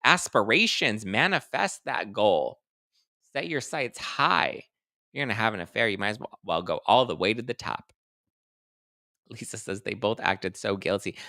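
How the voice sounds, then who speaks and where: A man's voice: on the low side, lively intonation, normal speed, creaky, pushed and bright, dry recording, studio quality. A male host chatting casually through celebrity gossip and reading out viewer comments, in a sassy, playful way with dramatic mock outrage.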